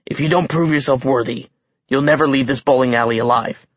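A man voicing a sly, desperate giant king who booms for show and snarls under his breath in an audiobook. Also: steady tone, fairly quick, no echo, lo-fi sound, natural voice. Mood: urgent hushed. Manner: loud showman bluster, then low urgent snarl.

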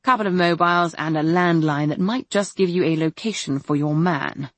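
A woman voicing a male high-tech crime officer who talks in a dry, teasing way. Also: normal speed, no echo, close to an everyday voice. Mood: wry.

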